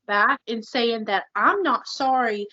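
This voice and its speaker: Podcast co-host, a woman with a somewhat high voice, earnest, casual chat, muffled audio. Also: slow pace, pushed and bright.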